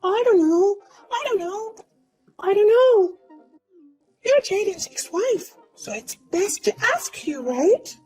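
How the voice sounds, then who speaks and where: A woman's voice: very high voice, expressive, slow pace, a little mellow, pitched above the performer's own voice, full character voice, low-quality recording. A woman voicing a smug, boastful young woman who taunts and mocks in a sing-song way. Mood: smug taunting. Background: faint music.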